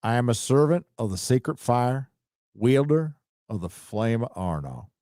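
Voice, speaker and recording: A man putting on a slow, grave impression of a famous actor playing a solemn old wizard. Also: mid-range voice, very animated, dark tone, no room sound, clean studio sound. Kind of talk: playful impression on a live stream.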